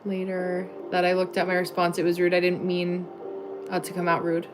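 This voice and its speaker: With music playing in the background, a young US woman reads out comments from her livestream viewers and replies in a chatty way, filler "like"s everywhere. She speaks at normal speed in a lowish voice with a completely flat delivery, using a clip-on mic.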